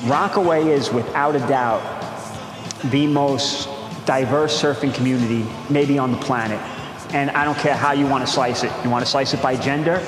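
A middle-aged surf instructor from Brooklyn, talking in a laid-back, chatty way full of "you know"s. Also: male voice, medium pitch, fairly even intonation, normal speed. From Brooklyn, New York. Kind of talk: interview storytelling. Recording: echoey hall with music behind.

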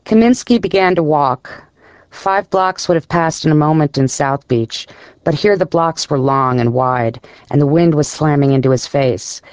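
A man reading a story aloud in a measured, even storytelling voice with a gravelly edge. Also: a little high, no echo. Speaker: narrator. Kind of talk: scripted audiobook narration.

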